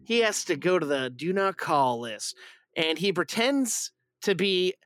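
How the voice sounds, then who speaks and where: A man hosting a podcast in casual, joking, animated chat with his co-host. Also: high-pitched, a little slow, dry recording.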